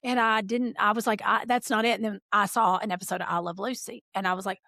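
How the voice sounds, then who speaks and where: A middle-aged woman talks as a guest in a home art studio. She tells stories animatedly and slips into the voices of the people she remembers. Her pitch sits mid-range, and the sound is dry and close. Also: fast, no room sound. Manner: animated storyteller acting out remembered dialogue. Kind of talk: casual chat.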